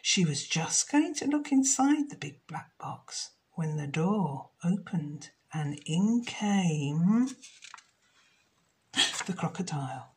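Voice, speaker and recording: A woman reading a children's story aloud, slow and expressive. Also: on the low side.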